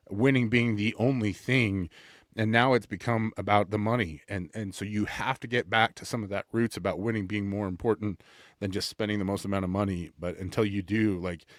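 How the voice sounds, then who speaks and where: A low-pitched man co-hosting a casual sports podcast. He talks earnestly and with strong opinions, often restarting sentences and repeating words as he thinks aloud. The sound is dry and close, with little room echo. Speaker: podcast co-host.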